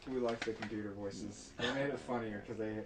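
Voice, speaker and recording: A man co-hosting a casual podcast about his own animated series, laughing often between quick remarks. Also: on the low side. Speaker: podcast co-host and series creator. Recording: distant mic with clear background noise.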